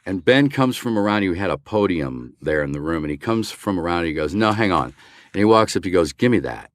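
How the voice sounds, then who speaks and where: A man's voice: low voice, fairly quick. An older man, a voice actor, telling an anecdote in a casual interview and acting out the lines he quotes. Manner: animated, acts out quoted dialogue. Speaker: voice actor guest.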